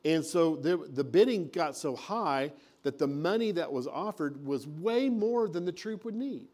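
Guy preaching, pitch a bit up, folksy, acts out little scenes. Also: animated, unhurried, a little mellow. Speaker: pastor. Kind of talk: sermon.

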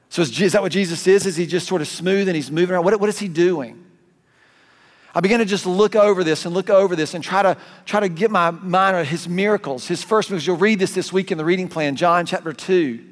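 A man with a Southern US accent preaching a conversational, animated sermon as pastor, with quick asides and restarts. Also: sits high. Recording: long hall reverb.

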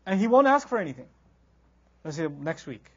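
A man teaching a Quran lecture in an animated, conversational way, reciting Arabic verses quickly between casual explanations. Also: a little high, highs cut off.

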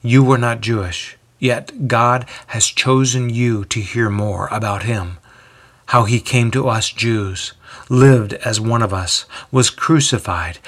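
A man voicing a wounded male apostle in a storybook telling, speaking softly and weakly in measured phrases. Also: mid-range voice. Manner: soft, weak, measured. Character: wounded, weary male apostle, calm and gentle.

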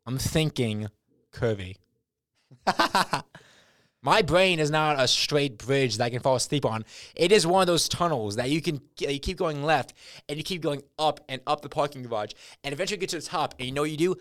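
A young man co-hosting a podcast, telling rambling, absurd stories in a casual, deadpan way. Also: medium pitch, moderate pace, dry recording, studio quality. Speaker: podcast co-host. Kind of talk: casual chat.

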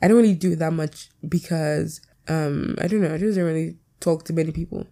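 A woman hosts her own podcast and chats alone at a quick clip, rambling and swearing as she goes. Her voice is low in brightness and mellow, with a lot of vocal fry. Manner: fast, rambling, candid, swears freely. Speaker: podcast host. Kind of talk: casual solo podcast chat.

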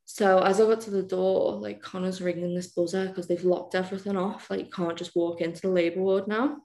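This is a woman from the UK, a podcast guest casually telling her own story. Her voice is lowish and dark, with little pitch movement and a slightly fast pace, and the room is echoey. She's chatty and says "like" constantly.

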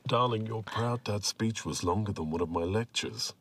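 A man playing a husky-voiced young husband. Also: lowish voice, normal speed, no echo. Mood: romantic.

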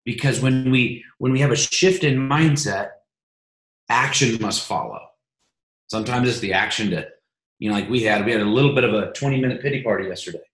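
A man hosting a team coaching call, motivational and energetic, often repeating his words as he builds up. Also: mid-range voice, brisk, roomy sound, low-quality recording.

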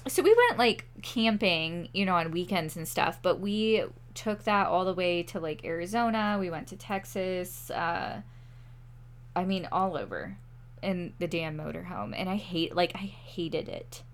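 A woman co-hosting a casual chat, reacting quickly and teasing, with many fillers. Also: fairly low pitch.

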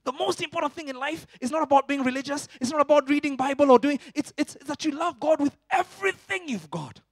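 Animated pastor, high and dry. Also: male voice, fast talker, no echo. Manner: animated, swinging from loud shouting to soft intimate tones. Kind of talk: sermon.

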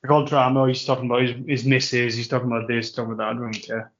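A man's voice: mid-range voice, little pitch movement, very fast, a bit bright, muffled recording. A man co-hosting a podcast, teasing his friend, swearing and laughing at his own jokes. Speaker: podcast co-host. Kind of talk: casual banter.

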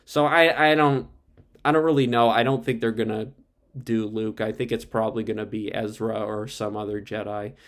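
A man giving a casual, excitable episode recap, swearing freely and rambling with frequent restarts. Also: on the low side, normal speed. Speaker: show reviewer.

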